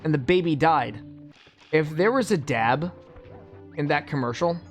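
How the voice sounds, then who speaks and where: A man rambles through casual gameplay commentary in a slightly high voice, sarcastic and full of stumbling restarts. Faint game music plays underneath. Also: animated, a little slow. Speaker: gaming YouTuber.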